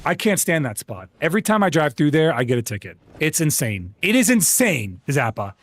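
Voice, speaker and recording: Lively, chatty male game streamer. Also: a little fast, no room sound. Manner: chatty, friendly, greets viewers by name; rambling restarts, animated jumps in pitch. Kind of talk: casual live-stream chat while gaming.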